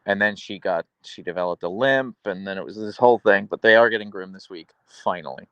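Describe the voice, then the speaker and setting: A man's voice: on the low side, a little fast, fairly bright tone, clean tone, dry recording, dull audio. A man hosting a casual live stream, chatting easily as he answers viewers' questions. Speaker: livestream host reading chat.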